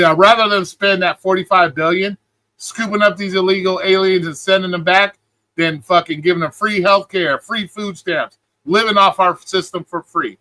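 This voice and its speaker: A man's voice: high-pitched, pushed and bright, dry recording. A man hosting a livestream, ranting in a profane, mocking way and talking back to chat. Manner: profane, mocking, mimics people in a whiny voice. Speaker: livestream host.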